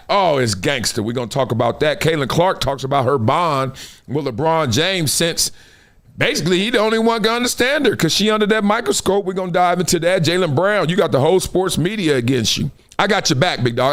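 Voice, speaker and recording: Brief: male host from Compton, high and lively voice, slangy playful live-stream sports chat. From Compton, California. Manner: animated, playful, slangy, laughs often. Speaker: show host.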